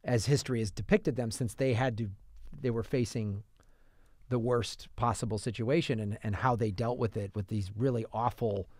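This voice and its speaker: A man with an ordinary middle-pitched voice co-hosting a film podcast, winding through his thoughts with restarts. The studio sound is dry and close. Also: steady tone, normal speed, a little mellow, no room sound. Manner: rambling, lots of fillers and restarts. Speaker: podcast co-host, film reviewer. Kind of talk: casual chat.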